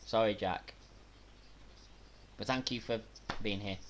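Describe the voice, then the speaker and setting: A man from Manchester with a Mancunian accent, hosting a live watch-along stream, reacting with loud gasps and chatting casually with viewers. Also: lowish voice, takes it slowly, a little hiss or hum. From Manchester, England. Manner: excitable, bursts into loud gasps during big moves, casual with chat.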